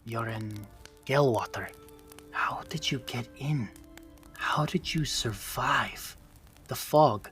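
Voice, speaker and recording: A man voicing a guarded noblewoman ruler in her late forties, speaking low and hushed, sometimes in a whisper. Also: fairly even intonation, a little slow, faint music behind, lightly acted.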